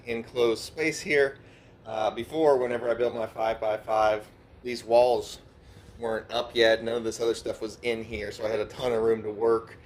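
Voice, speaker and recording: A man's voice: mid-range voice, a little hiss or hum. Swearing, laughing man vlogging casually. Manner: swears freely, laughs often, rambling. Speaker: grow channel host. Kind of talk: casual vlog narration. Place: indoor grow room with concrete walls.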